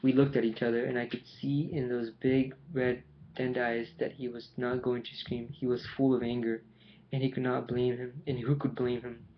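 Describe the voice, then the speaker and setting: Man reading a novel in a flat voice. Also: medium pitch, moderate pace. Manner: plain, careful reading with small stumbles. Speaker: audiobook reader. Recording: dull lo-fi home recording with faint hiss.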